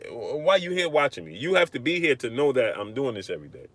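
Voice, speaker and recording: A man hosting a live-stream boxing rant, arguing hard, repeating himself and shouting out viewers. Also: mid-range voice, quick pace. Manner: animated, repetitive, argumentative, shouting out viewers. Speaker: livestream host.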